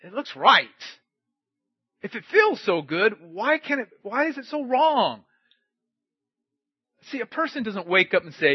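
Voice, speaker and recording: A man preaching a sermon, shifting from loud outbursts to hushed, low-spoken warnings. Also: very animated, normal speed, breathy edge, dry recording, dull audio. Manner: dramatic swings from loud to hushed. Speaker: pastor.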